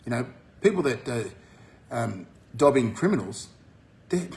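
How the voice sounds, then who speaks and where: An Australian man talking bluntly to his viewers, swearing often and jumping up in pitch when he gets fired up. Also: big pitch swings, unhurried. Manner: forceful, swears freely, rises sharply when fired up. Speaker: vlogger. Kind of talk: blunt monologue to camera.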